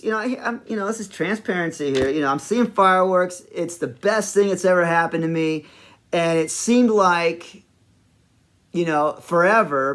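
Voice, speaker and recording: Guy rambling through an old memory, lots of you know, gets animated. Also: fairly high pitch. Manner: animated when reliving the moment. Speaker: host. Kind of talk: personal storytelling.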